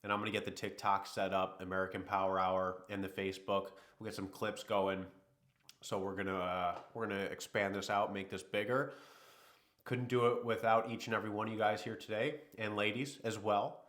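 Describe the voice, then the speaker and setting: A man's voice: lowish voice, little pitch movement, fairly quick, a bit bright. A man hosting a livestream, chatting casually and rambling while a little sick. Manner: rambling, easygoing, talks to chat. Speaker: livestream host.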